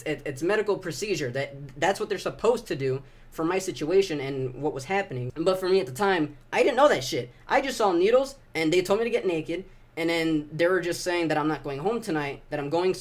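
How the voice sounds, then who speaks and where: Brief: young man, slightly high voice, confessional vlog, emotional and halting, swears a lot. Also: animated. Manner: halting, emotional, profane, many restarts. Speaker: vlogger. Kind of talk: personal confessional storytelling.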